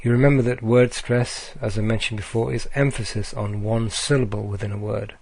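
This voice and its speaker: A man giving a recorded slide lecture, speaking deliberately with frequent ums and uhs. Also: on the low side, steady tone, creaky, a little mellow, a little hiss or hum.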